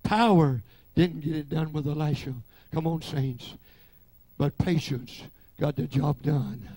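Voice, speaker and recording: An older male pastor with a drawl preaching a revival sermon, moving from hushed, almost mumbled passages to high, shouted calls to the congregation. His voice sits high for a man and has a rough, gravelly edge. The sound is close and dry, with little room echo. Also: measured pace. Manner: swings between low murmuring and shouted preaching.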